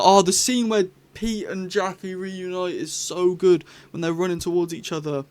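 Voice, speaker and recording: A man's voice: high-pitched, steady tone, moderate pace, few pauses, clear, resonant tone, no echo. A young man, hosting a casual vlog review in a rambling, chatty, enthusiastic way. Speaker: YouTube host.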